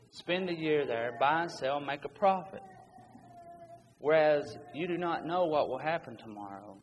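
A man preaching a sermon, reading scripture aloud in an earnest, urgent manner. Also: on the high side. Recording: long hall reverb with faint background noise.

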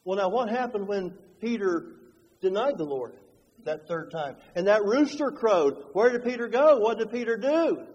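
A man preaching a sermon, moving between hushed, slow passages and fervent, rising ones. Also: high voice, lively intonation, slightly rough, muffled recording. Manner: dynamic, swings from hushed to fervent. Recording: long hall reverb.

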